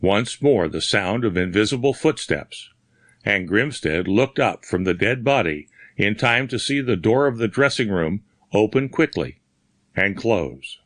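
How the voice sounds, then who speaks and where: A man's voice: on the low side, expressive, unhurried, a bit bright, no echo. A man steadily reading a pulp horror story aloud as narrator.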